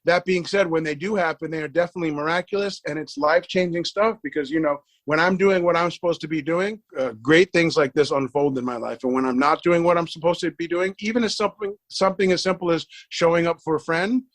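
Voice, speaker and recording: A middle-aged man, a podcast guest, telling a long story in a casual interview, acting out the dialogue and repeating words when excited. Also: a little high, fast talker, few pauses, dry recording.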